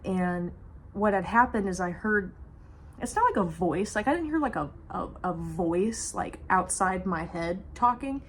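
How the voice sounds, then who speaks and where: A woman's voice: mid-range voice, animated, a little slow, slight background noise. Woman telling a story with nervous humor. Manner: slips in humor and nervous laughs while telling a hard story; rambling, many fillers and restarts. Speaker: vlogger. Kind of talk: casual storytime monologue.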